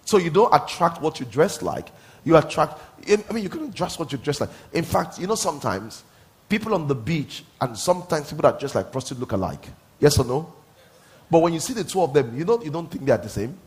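A male pastor in middle age delivers a sermon in a somewhat high voice. He drops into quiet, confiding asides, then bursts into loud exclamations and asks the crowd to answer back. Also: very animated, a little fast. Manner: preachy, call-and-response, swings from soft asides to loud exclamations.

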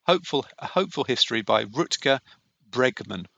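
Enthusiastic podcast co-host, lively. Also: male voice, medium pitch, brisk, gravelly, slightly rough, no room sound, lo-fi sound. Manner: chatty, enthusiastic, repeats words. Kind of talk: casual chat.

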